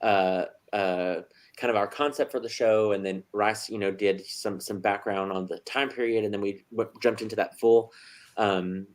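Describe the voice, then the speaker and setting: A man's voice: on the low side, steady tone, normal speed. A man hosting a casual interview, upbeat and encouraging toward his guests.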